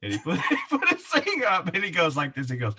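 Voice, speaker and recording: A man telling a personal faith story in conversation, animated and laughing often, with many restarts. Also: high voice, brisk, breathy edge. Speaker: guest.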